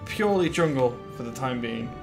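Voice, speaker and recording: With music playing underneath, this streamer talks briskly in a mid-range voice with lively intonation. His casual commentary wanders through his plans for the game, packed with fillers and responses to viewers.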